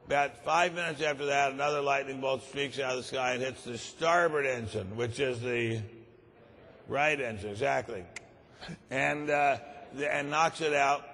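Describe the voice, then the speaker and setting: A man telling jokes at a conference in a dry, unhurried way, with frequent uhs. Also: medium pitch, fairly bright tone, slight background noise. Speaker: conference speaker. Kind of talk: stand-up joke telling. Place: large conference hall. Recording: long reverb of a large conference hall.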